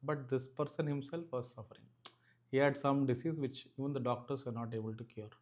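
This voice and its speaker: A man's voice: medium pitch, fairly even intonation, fairly quick, a little mellow. Earnest male spiritual teacher, reflective delivery with filler-laced restarts, mid-range voice. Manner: earnest, thoughtful, frequent "you know" fillers and restarts.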